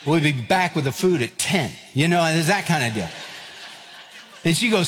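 A man, preaching a sermon and telling stories with lively acted-out voices. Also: a little high, moderate pace, pauses often, a little hiss or hum. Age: 50s. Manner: animated, acts out quoted voices and escalating lines. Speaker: pastor. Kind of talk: sermon with storytelling. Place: church sanctuary. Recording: long hall reverb.

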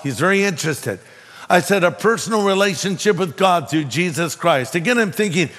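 Man preaching a sermon in a reverberant hall. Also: normal speed. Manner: animated, acts out dialogue with rising pitch. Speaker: pastor. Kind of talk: sermon with storytelling.

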